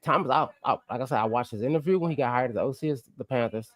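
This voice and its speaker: A man co-hosting a sports podcast, ranting excitably and swinging between loud outbursts and quiet asides. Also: mid-range voice, racing, no room sound. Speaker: podcast co-host. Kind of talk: animated sports podcast chat.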